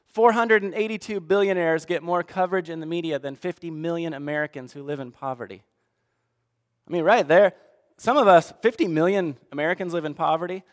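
A man preaching a sermon, swinging between hushed asides and fired-up outbursts. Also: high voice, a little fast, long reverb tail. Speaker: pastor.

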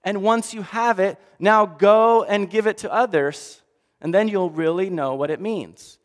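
A man preaching a sermon, often acting out characters and swinging between loud and soft. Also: sits high, unhurried. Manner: acts out characters with voices, shifting loud and soft. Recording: long reverb of a hall.

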